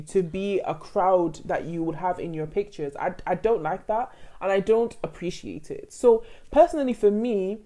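A young woman chats casually as a podcast co-host. Her voice sits a little low, and she talks in an expressive, emotional way, rambling through "like" and "so" as she goes. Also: normal speed, few pauses. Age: young adult. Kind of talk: casual chat.

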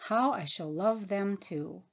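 A woman reading the part of a tender sister who longs for her absent son, in a soft pleading manner. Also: mid-range voice, takes it slowly, creaky. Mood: yearning. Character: tender longing woman, a departed mother of a son.

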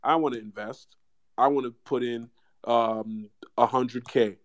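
A man co-hosting a casual podcast chat, telling stories in an animated, profane, joking way. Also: mid-range voice, a little slow, dry recording. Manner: animated, profane, jokey storytelling.

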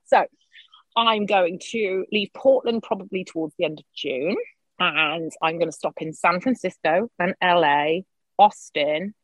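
A middle-aged woman, a podcast guest, telling a personal story in lively, candid conversation, swearing freely and acting out her own quotes. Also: fairly low pitch, unhurried, no room sound. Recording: dull lo-fi sound.

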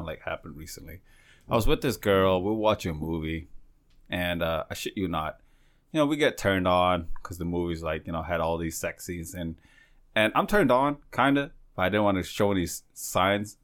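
A man's voice: low-pitched, fairly bright tone. A young man hosting a casual chat, telling a crude, rambling story full of fillers.

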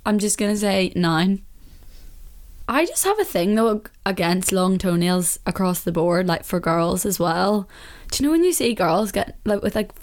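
A young woman from Northern Ireland with a Northern Irish accent, chatting casually and with strong opinions, laughing often and sometimes dropping into a whisper. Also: medium pitch. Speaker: vlogger. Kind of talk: casual chat.

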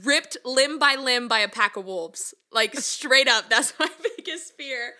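A young woman telling a story in casual chat, animated and laughing often as she acts out what people said. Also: sits high, unhurried.

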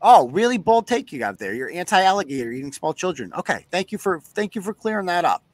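A man's voice: high-pitched, very animated, a little fast, no echo. A man hosting a live podcast, ranting sarcastically and cursing freely. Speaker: host.

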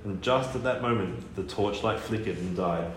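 A man reading a children's book aloud in a lively storytelling manner. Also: on the low side, normal speed. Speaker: reader. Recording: echoey room, faint noise.

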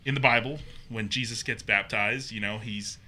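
A young man casually telling a ghost story, animated and acting out the quotes. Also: moderate pace. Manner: animated, acts out quotes with pitch jumps.

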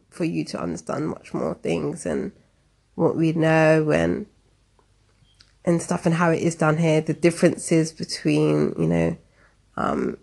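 A woman with a London accent hosting a call-in chat, slow and hesitant with many fillers. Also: low-pitched, gravelly. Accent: London English. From England. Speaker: host. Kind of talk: casual chat.

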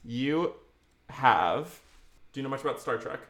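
A man's voice: medium pitch, animated, a little slow, a bit bright. A man co-hosting a casual podcast, spinning a long invented story. He rambles and restarts, piles on "like" and "blah, blah", and keeps apologizing for how long it runs. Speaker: podcast co-host. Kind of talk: casual chat, telling a made-up story.

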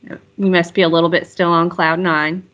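A woman's voice: on the low side, level tone, normal speed, a bit bright, highs cut off. A woman hosting an interview, asking encouraging questions. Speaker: host.

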